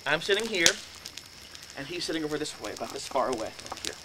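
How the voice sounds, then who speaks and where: In a room, a man with a slightly high voice lectures fast, telling his story with animated energy and acting out every exchange. A steady noise runs beneath the recording.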